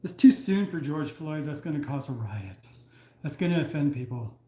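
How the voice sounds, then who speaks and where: A man's voice: a little high, animated, moderate pace, dark tone, roomy sound. A man co-hosting a live stream from home in casual chat, swearing and telling crude jokes while laughing at his own lines.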